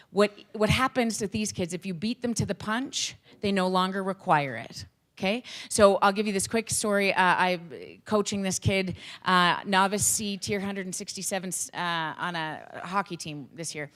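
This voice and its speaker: An energetic woman speaker and hockey coach addresses a room of educators. Her bright voice carries animated, joking delivery. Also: medium pitch, normal speed. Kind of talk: talk to an audience of educators.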